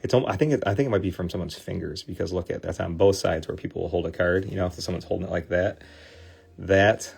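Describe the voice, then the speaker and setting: A man's voice: deep voice, fast, gravelly, darkish tone, slightly rough. A man in his forties from Michigan with a Midwestern accent, chatting casually with viewers as a livestream host, full of fillers and restarts. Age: 40s. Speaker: livestream host restoring trading cards.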